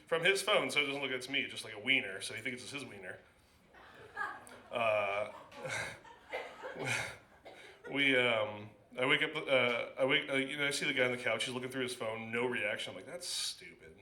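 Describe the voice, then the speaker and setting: A man telling a stand-up story at an open mic, stumbling through it with restarts and fillers. His voice is very bright and cutting. The sound is roomy, the echo of a small club. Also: medium pitch. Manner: rambling, halting, with many restarts and fillers. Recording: echoey club room.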